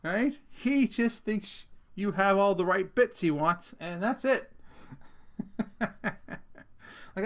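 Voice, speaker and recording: Animated ranting dad, fairly high voice. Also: male voice. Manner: animated and emphatic, jumps loud, swears casually. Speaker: vlogger, father. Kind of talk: casual rant to camera.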